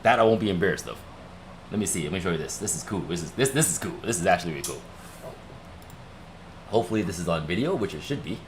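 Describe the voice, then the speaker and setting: A man's voice: low-pitched, animated, quick pace, long pauses, slight background noise. A young man casually telling a rambling story to his livestream viewers, repeating himself as he goes. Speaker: livestream host.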